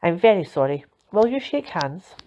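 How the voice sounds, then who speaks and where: A woman's voice: on the low side, big pitch swings, moderate pace, dark tone. A woman voicing a mild, apologetic middle-aged uncle in a storybook reading, earnest and contrite. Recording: dull lo-fi recording.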